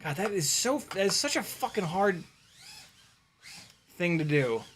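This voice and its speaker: A man chatting casually while flying a drone on a live stream, excitable, laughing and swearing, talking to his dog. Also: high-pitched, unhurried, slight background noise. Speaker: FPV drone pilot and streamer.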